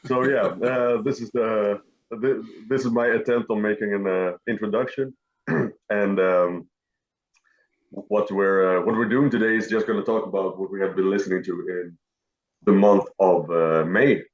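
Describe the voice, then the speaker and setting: A man's voice: fairly low pitch, steady tone, normal speed. A man hosting a casual music podcast, playful and full of hesitant fillers. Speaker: podcast host. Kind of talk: casual chat. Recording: roomy, dull lo-fi sound.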